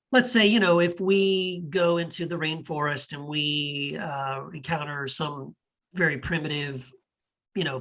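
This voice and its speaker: His voice on the high side and a bit bright, a podcast host and author chats excitedly about movies in an unscripted way. He rambles, restarts his sentences and animatedly raises perplexed rhetorical questions.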